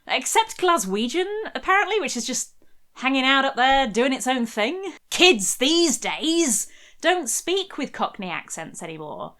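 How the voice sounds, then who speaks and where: A woman's voice: high voice, sing-song, unhurried, fairly bright tone. Young woman hosting a wry history video. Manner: wry, conversational explaining. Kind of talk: scripted video essay.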